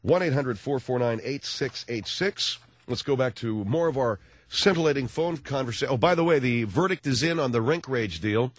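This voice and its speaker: A man's voice: medium pitch, expressive, normal speed. A man hosting a comic talk radio show, riffing sardonically and firing rhetorical questions.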